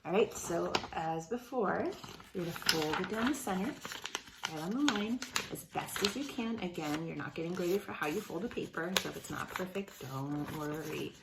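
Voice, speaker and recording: Female teacher, low gravelly voice, patient phonics lesson for kids, roomy echo. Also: heavy background noise. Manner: slow, sounds out words, encouraging. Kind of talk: remote phonics lesson for young children.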